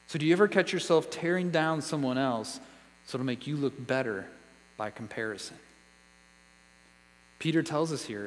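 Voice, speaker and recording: A man's voice: a little high, long reverb tail, poor audio. A man preaching a sermon as a pastor, earnest and conversational, asking the listeners one question after another.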